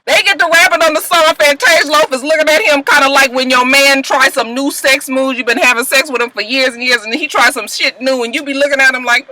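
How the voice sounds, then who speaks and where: Animated woman recapping TV, bright voice. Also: high-pitched, moderate pace, few pauses, a little hiss or hum, rough recording. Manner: animated storyteller, acts out characters, laughs often, swears. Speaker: vlogger recapping TV shows. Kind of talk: casual recap chat.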